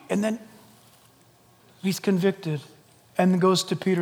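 A high-pitched male pastor preaching in a church, his voice carrying a long reverb through the sanctuary. He swings from booming emphasis to soft, hushed asides and playfully acts out the voices he quotes. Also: animated, moderate pace, gravelly. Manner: dramatic, swings from loud to hushed. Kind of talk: sermon.

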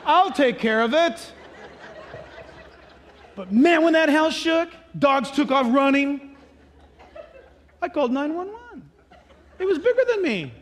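A male pastor preaching in an animated, storytelling way, sliding between voices as he tells each story. His voice sits very high for a man, and his pitch swings widely from line to line. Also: a little slow, long pauses, a little hiss or hum. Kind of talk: sermon.

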